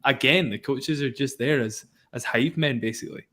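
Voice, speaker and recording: A man hosting a casual live tennis commentary chat, relaxed and talkative, breaking off now and then to call the score. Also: mid-range voice, normal speed. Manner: relaxed, chatty, breaks off to give score updates. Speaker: podcast host and match commentator.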